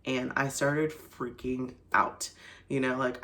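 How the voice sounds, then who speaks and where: A woman's voice: a bass voice, a little slow, fairly bright tone. A young woman vlogger telling a personal story to camera in a casual, chatty way, full of "like" and "you know". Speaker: faith vlogger.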